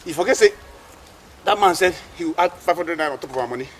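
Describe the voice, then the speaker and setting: An actor with a Nigerian accent playing an insistent young coworker who speaks in pidgin. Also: male voice, on the high side, huge pitch swings, fast talker, gravelly, full character voice. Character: pushy young coworker eager for pay. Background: loud music.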